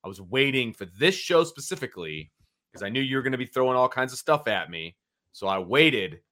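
A man's voice: mid-range voice, big pitch swings, brisk, bright, forceful tone. Laid-back man co-hosting a podcast. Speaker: podcast co-host. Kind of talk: casual sports chat.

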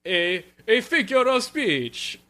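A man voicing a dim-witted, overly trusting old father mouse in a slow, Transylvanian-sounding put-on accent. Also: high voice, big pitch swings, sharp tone, voice pushed up, exaggerated voice. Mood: dismissive.

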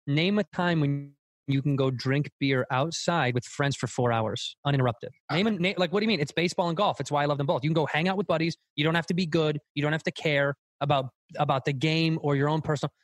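A man's voice: on the high side, fast talker, no room sound. A man talking loosely and animatedly as a guest comedian on a casual podcast, swearing now and then.

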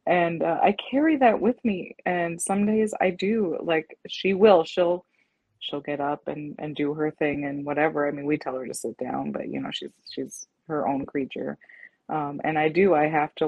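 A woman's voice: sits low, lively intonation, normal speed, darkish tone, no room sound, poor audio. A woman chatting casually and candidly, laughing at herself as she talks about parenting stress. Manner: candid, laughing, self-deprecating. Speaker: parent in group chat. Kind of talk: casual chat.

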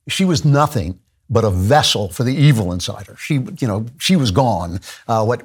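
A man's voice: mid-range voice, breathy edge. A man hosting a political talk show, delivering an intense, impassioned monologue, repeating himself and stumbling over his words.

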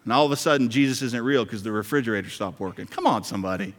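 A man's voice: medium pitch, rapid-fire. A male pastor preaching a sermon in a conversational, joking way, repeating key lines. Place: church sanctuary. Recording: hall reverb.

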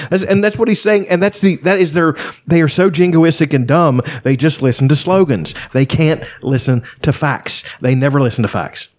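A man's voice: fairly high pitch, normal speed, hardly any pauses, a little mellow. Ranting, profane man with raised voice. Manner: heated, swearing, ranting. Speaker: podcast co-host. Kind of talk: casual profane political banter.

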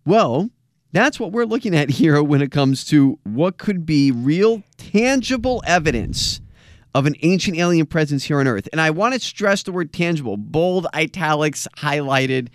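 Chatty higher-voiced male podcast host. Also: lively intonation, moderate pace, dry recording, studio quality. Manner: chatty, joking, emphatic. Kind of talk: casual co-hosted podcast chat.

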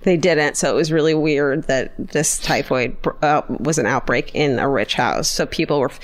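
A woman's voice: low-pitched, normal speed. A woman co-hosting a podcast, casually retelling a case in a chatty, profane way. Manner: profane, chatty, laughs often. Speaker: podcast co-host.

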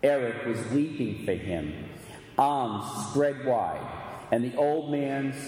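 A man preaching a sermon, reading a story aloud slowly and dramatically, at times slipping into song. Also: mid-range voice, lively intonation, mellow, slight background noise. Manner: slow, dramatic reading with sung phrases. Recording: echoey hall with long reverb.

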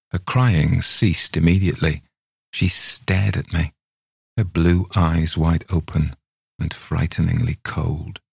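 A man reading a ghost story aloud in a measured, dramatic manner. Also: deep voice, creaky, slightly rough, dry recording, studio quality. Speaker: story reader.

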